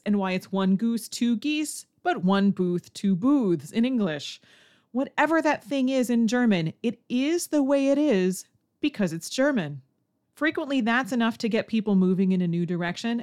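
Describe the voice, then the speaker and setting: A woman hosting a language-learning podcast, reading a scripted lesson and acting out learners' questions in a higher voice. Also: a little mellow. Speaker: language teacher and podcast host.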